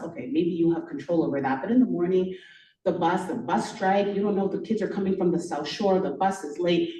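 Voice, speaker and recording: A woman teacher on a panel, talking in an animated, storytelling way, full of "like" and "you know". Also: fairly low pitch. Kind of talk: conversational panel talk. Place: event room. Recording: echoey room, voice from far off.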